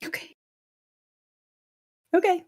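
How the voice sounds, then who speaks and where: A woman playing in character in a tabletop game, hesitant and halting, with lots of fillers. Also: darkish tone. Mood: awkward. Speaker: player. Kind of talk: tabletop role-play in character.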